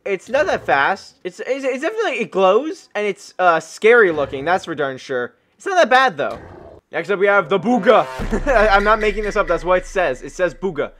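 A man with a high, bouncy voice gives gameplay commentary that keeps jumping into yelps and shrieks of surprise. His tone is bright and sharp, and he talks into a desk mic at home. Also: big pitch swings, normal speed. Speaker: gaming YouTuber.

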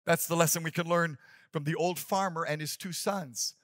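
A man's voice: on the high side, steady tone, normal speed, a bit bright, no room sound, clean studio sound. A man preaching a sermon as pastor, emphatic and repetitive, calling the congregation to respond.

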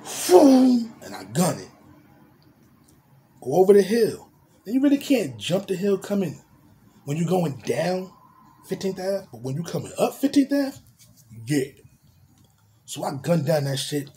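A young man with a New Jersey accent tells a street story in a lively, swooping voice, imitating revving engines, screeching tires and honking horns. His tone is mellow and low-lit rather than sharp, and a faint hiss of noise sits under the recording. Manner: vivid street slang, mimics cars and horns. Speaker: vlogger telling a story. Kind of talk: animated storytime with sound effects.

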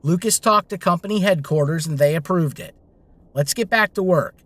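A man's voice: fairly high pitch, animated, moderate pace, no room sound. A man reading a story voices a serious female manager addressing her staff. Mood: stern. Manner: firm, serious. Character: stern female boss keeping staff in line.

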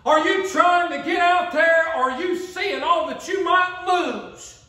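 A pastor, delivering an impassioned sermon and acting out the voices of believers. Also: male voice, extremely high pitch, slow pace, pushed and bright, far from the mic. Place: church sanctuary. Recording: echoey church sanctuary, mic from afar.

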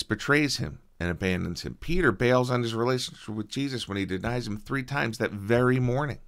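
A man preaching a sermon as pastor, earnest and conversational, with a soft-spoken prayer full of small fillers. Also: medium pitch, gravelly.

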